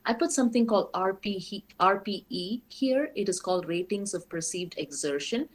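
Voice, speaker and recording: A woman giving an academic lecture in a lively, explanatory way, posing rhetorical questions to the audience. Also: mid-range voice, moderate pace. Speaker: guest lecturer.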